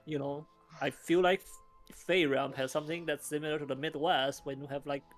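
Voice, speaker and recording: Male player, slightly high pitch, casual rambling talk, faint music behind. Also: fairly even intonation, normal speed. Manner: rambling, self-correcting. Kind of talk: casual chat at a tabletop game.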